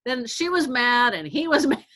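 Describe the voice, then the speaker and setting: Animated middle-aged woman telling stories. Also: high voice, normal speed. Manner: animated, acts out quotes, laughs often. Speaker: guest caregiver. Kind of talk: casual storytelling.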